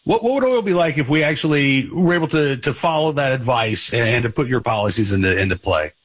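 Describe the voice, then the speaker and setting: Radio host guy, kinda husky, rambly questions, dead dry studio. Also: mid-range voice, animated, brisk, no echo. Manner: chatty, rambling questions with fillers. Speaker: radio talk show host.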